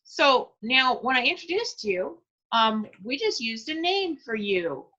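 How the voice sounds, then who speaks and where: A woman's voice: fairly high pitch, very animated, unhurried, pushed and bright. A woman hosting an interview show, chatty and encouraging as she asks her guest questions. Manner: chatty and encouraging, laughs easily. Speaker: podcast interviewer. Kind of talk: casual interview. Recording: dull lo-fi audio.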